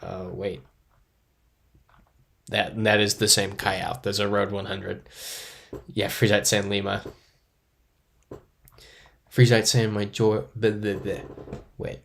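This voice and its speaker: A man's voice: on the low side, little pitch movement, slow, creaky, long pauses, a bit bright, slight background noise. A man streaming a geography guessing game live, thinking aloud, chatting with viewers and poking fun at himself. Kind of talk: casual live-stream commentary, reading chat.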